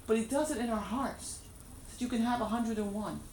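A woman's voice: fairly high pitch, brisk, darkish tone. Woman preacher, emphatic and repetitive, roomy echo, mic set back from her. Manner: emphatic, repeats key phrases. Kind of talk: sermon. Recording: echoey room, distant mic, faint background noise.

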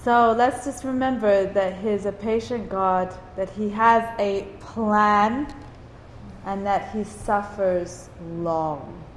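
A woman slowly and earnestly encouraging a women's group with a faith talk. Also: mid-range voice, roomy sound, in a large hall, a little hiss or hum, low-quality recording.

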